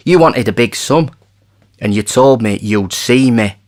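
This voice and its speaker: A man voicing a plump, bumbling rich man who talks loudly and hastily. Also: mid-range voice, animated, measured pace, close to an everyday voice. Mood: blustering. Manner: loud, hasty, blustering. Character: bumbling plump wealthy man, blustering and impetuous.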